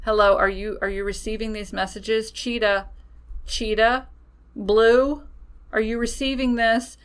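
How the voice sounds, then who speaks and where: A woman's voice: fairly high pitch, flat delivery, unhurried, clear, resonant tone, voice pushed up, natural voice. A woman voicing a group of eager spirit guides, talking in a chatty, playful way.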